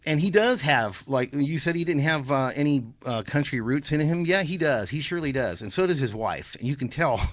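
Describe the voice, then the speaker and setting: A man's voice: a little high, lively intonation, brisk, hardly any pauses, dry recording, studio quality. A man hosting a live call-in radio show, rambling with restarts and casual swearing.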